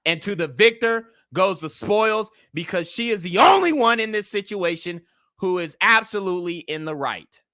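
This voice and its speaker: A man's voice: fairly high pitch, bright, forceful tone, smooth, dry recording, studio quality. A young man hosting a livestream commentary show, talking in a heated, blunt, profane way. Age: young adult. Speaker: commentary channel host.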